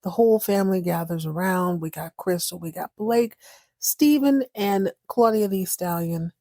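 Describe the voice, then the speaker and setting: A woman's voice: on the low side, warm tone, dry recording, studio quality. A woman hosting a podcast, recapping a TV drama in a sassy, playful, joking way and briefly acting out the characters. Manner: sassy and playful, voicing characters in quick bursts. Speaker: podcast host recapping a TV series. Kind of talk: casual comedic recap.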